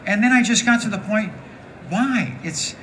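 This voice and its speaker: Raspy older woman telling frank stories. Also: normal speed, a little hiss or hum, poor audio. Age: 60s. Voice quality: deep and raspy. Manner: frank, joking, animated storytelling. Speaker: guest speaker. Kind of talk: candid live talk with audience.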